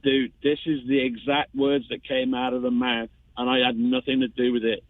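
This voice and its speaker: A man's voice: mid-range voice, level tone, moderate pace. A man in his fifties calling in to a radio show, rambling and chatty with lots of restarts and fillers. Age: 50s. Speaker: caller. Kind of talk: phone-in chat. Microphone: telephone. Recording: tinny phone line.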